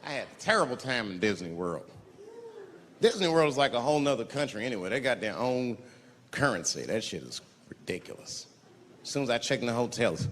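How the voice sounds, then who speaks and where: A man doing a stand-up comedy routine, animated and loud, leaping into high shouted voices. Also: brisk. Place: large theater stage with audience. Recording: live hall recording, audience noise.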